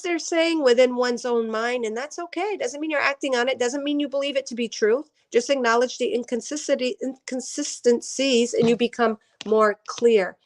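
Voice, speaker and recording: A woman giving casual spiritual readings on a live stream. She talks to viewers by name and laughs often. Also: on the high side. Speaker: intuitive reader on a live stream.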